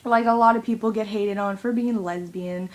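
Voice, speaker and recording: A woman's voice: mid-range voice, steady tone, moderate pace. A young woman rambles through a casual venting vlog. She swears freely and leans on fillers, with a mid-range voice. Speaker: vlogger.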